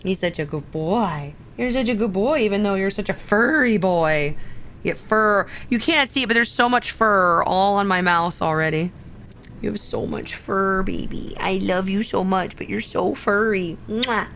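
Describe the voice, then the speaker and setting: A woman streamer in casual livestream chat, talking in soft, drawn-out baby talk to her cat. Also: mid-range voice, slight background noise.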